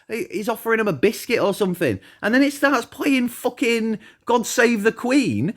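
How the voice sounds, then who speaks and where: A man's voice: extremely high pitch, very animated, normal speed, few pauses. A man ranting to his channel, heated, argumentative and full of swearing. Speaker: channel host. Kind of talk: ranting monologue vlog.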